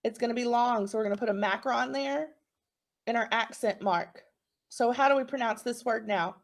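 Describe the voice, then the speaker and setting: This is a woman with a fairly high pitch, teaching phonics to small children on a recording. She offers encouragement and breaks words into sounds at a slow pace.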